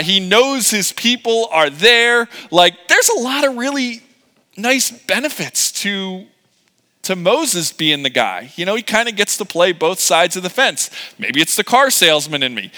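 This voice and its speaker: A man's voice: high voice, bright, forceful tone, big-room sound. A middle-aged man preaching a sermon as pastor, in a casual, joking, conversational way with many fillers.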